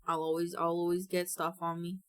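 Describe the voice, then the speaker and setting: A woman's voice: lowish voice, completely flat delivery, a little fast. A woman streamer chatting casually and goofily to her viewers as she works. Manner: goofy, rambling, talks to herself. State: hiccuping. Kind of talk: casual chat while working.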